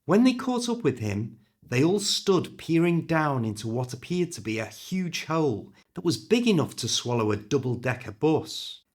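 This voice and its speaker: A man with a British accent reading a story aloud for English learners, clear and expressive. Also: on the high side, normal speed. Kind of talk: scripted story narration.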